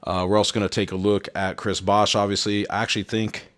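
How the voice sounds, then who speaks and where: A male game streamer talks in a somewhat low voice, loose and rambling as he chats with his viewers. He is a little out of breath, and his heavy breathing comes through between phrases. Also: flat delivery, fast, a bit bright. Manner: chatty, rambling, repeats phrases. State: slightly out of breath. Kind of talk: casual live-stream chat.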